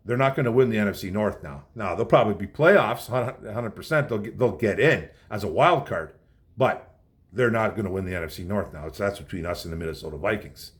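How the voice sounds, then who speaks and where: Man, sports podcast host, blunt, fired-up, repeats himself, casual monologue. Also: medium pitch.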